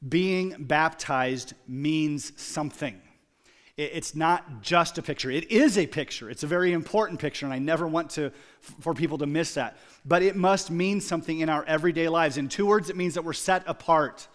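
Pastor, male, slightly high voice, sermon delivery that swings between hushed reflection and emphatic shouts. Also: normal speed. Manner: swings from quiet reflection to loud emphatic exclamations.

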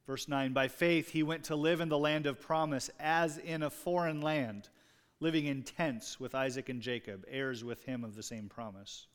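A man's voice: mid-range voice, steady tone, moderate pace, smooth. A man preaching a sermon in a conversational way, with rising emphasis on key words. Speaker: pastor. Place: church sanctuary. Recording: long reverb in a large hall.

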